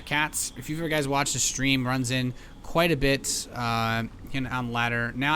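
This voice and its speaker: A man's voice: medium pitch, a bit bright, slight background noise. A man casting a live match as commentator, chatty and rambling with many fillers and restarts. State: hiccups. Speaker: esports caster.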